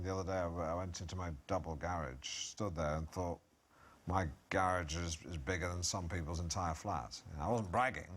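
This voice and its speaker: A middle-aged man, reading comic passages from his own book at an audience event and then answering questions in a pompous, self-satisfied, deadpan manner. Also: sits low.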